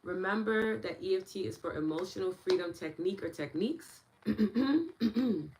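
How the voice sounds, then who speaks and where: A woman's voice: mid-range voice, moderate pace, slight background noise, low-quality recording. A young woman with a New York accent, leading a live online tapping session in a bubbly, chatty way and reading viewer comments as she goes. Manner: bubbly, bursts into excited laughter. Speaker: meditation and tapping guide. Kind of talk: casual live-stream teaching while reading chat.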